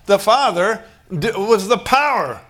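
A man's voice: high voice, sing-song, measured pace, fairly bright tone. A man preaching a sermon in a conversational way, acting out short bits of dialogue and chuckling as he goes. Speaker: pastor.

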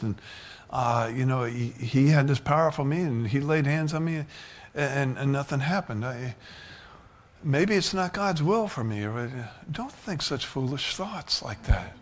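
This man's sermon rises from quiet, steady delivery into loud, fervent preaching, with occasional dips down to a whisper.

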